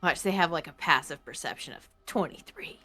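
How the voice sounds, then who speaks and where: A woman playing a tabletop game, speaking hesitantly with many pauses and fillers. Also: low-pitched, bright, forceful tone, faint music behind. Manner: hesitant, many ums and uhs. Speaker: player. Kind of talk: casual tabletop play.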